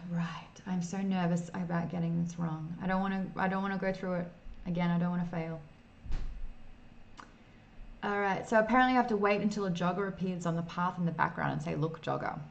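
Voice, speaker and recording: A woman's voice: fairly low pitch, moderate pace, gravelly, muffled recording. A woman streaming an old computer game in casual, self-mocking commentary, reading game text aloud as she plays.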